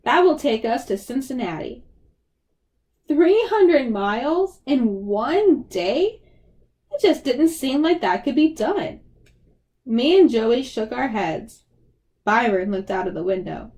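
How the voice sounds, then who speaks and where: A woman reading a novel aloud in an expressive voice, giving the characters' lines their own voices. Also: slow pace. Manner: expressive, shifts pitch for emphasis. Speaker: audiobook reader.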